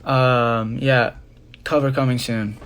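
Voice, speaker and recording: A man's voice: mid-range voice, flat delivery, takes it slowly, a bit bright, slight background noise. A young man, a singer, casually answering fan questions on a phone livestream, sleepy and rambling with many fillers. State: sleepy, yawning.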